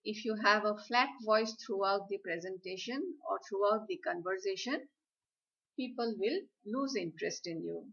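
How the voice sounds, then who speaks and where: A woman giving a slide lecture on communication skills, speaking in a deliberate, instructive way. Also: mid-range voice, vocal fry, fairly bright tone. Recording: slightly dull, lo-fi audio.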